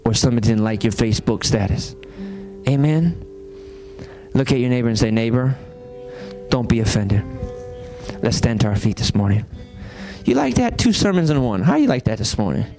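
A man's voice: mid-range voice, sing-song, a little fast, vocal fry, dark tone, soft background music. A man, preaching a sermon as pastor and throwing rhetorical questions at his congregation. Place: church sanctuary.

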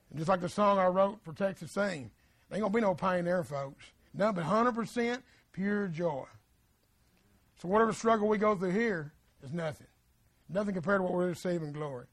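A man's voice: high-pitched, lively intonation, normal speed, no echo. A man preaching a sermon in a folksy, plain-spoken way, repeating phrases and asking the congregation for agreement.

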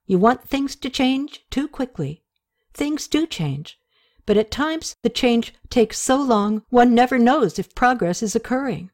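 A woman voicing a calm, wise male horse master and chariot commander who speaks in a measured, patient way. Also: on the high side, voice pushed up.

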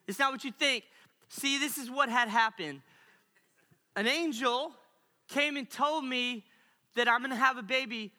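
Man doing a sweet-talking young woman, coaxing pet names, bright and high, long hall reverb. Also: full character voice.

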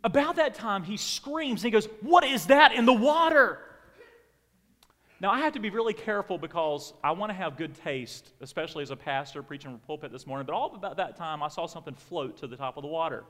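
A middle-aged man preaching a sermon as a pastor, telling a personal story in an animated way and acting out family members. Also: fairly high pitch, fast talker, hardly any pauses. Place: church sanctuary. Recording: long reverb of a church hall.

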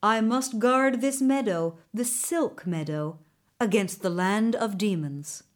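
A woman voicing a weary older male guardian warrior in a storybook reading, speaking gently and courteously. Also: mid-range voice, slow, natural voice.

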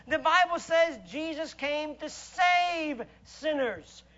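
A man preaching a sermon in a church, emphatic and rhetorical, swinging between loud declarations and hushed asides. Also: extremely high pitch, highs cut off.

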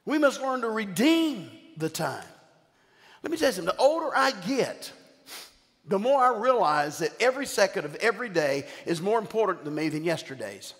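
A man's voice: sits high, moderate pace. Older preacher man in a reverberant hall. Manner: animated storytelling with call-outs to the congregation. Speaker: bishop and preacher. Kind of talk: sermon.

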